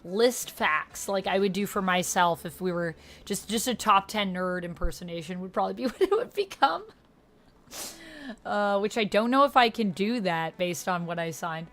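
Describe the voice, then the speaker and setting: Woman streamer, casual chatty host reading chat, soft music behind. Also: mid-range voice, lively intonation, moderate pace. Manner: chatty, reads and answers chat aloud. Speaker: livestream host. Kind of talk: casual just-chatting livestream.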